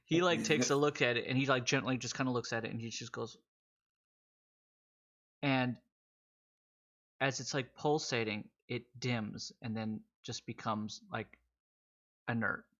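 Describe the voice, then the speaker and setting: A man narrates a tabletop game as game master, his mid-range voice loose and full of filler words. The stream audio is dull and lo-fi, losing its crispness. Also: medium pitch, fairly even intonation, a little slow, long pauses, a bit bright.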